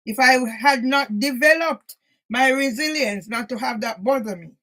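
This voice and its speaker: A woman's voice: sits high, normal speed, a bit bright, poor audio. A woman giving an angry, emotional monologue to camera, swearing heavily and repeatedly asking "yeah?", close to tears at times. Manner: agitated, heavy swearing, keeps asking "yeah?". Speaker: vlogger.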